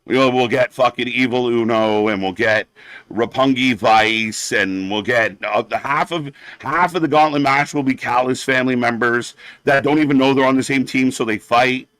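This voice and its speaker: A man's voice: mid-range voice, steady tone, normal speed, fairly bright tone, clear, resonant tone, dry recording. A man hosting a live wrestling watch-along stream, ranting bluntly and sarcastically, swearing often and getting heated.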